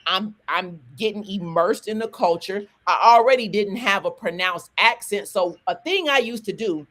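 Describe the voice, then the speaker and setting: A woman in her forties from the American South, a rapper talking as a guest in a casual interview. She tells stories in quick bursts, full of restarts and asides, in a neutral, non-regional accent. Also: mid-range voice. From Southern US, Atlanta. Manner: animated, talks fast in bursts with restarts.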